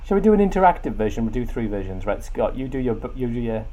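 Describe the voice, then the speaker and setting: Mellow-voiced teasing male host. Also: mid-range voice, sing-song, fast talker, muffled recording. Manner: laughing, teasing banter. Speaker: podcast host. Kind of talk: casual chat.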